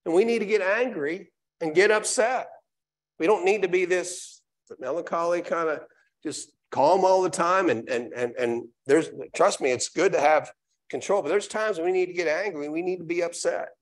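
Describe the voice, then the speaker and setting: A man's voice: fairly high pitch, moderate pace. A man preaching a live sermon in a church, reading scripture aloud and then restating it with emphatic repetition. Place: church sanctuary.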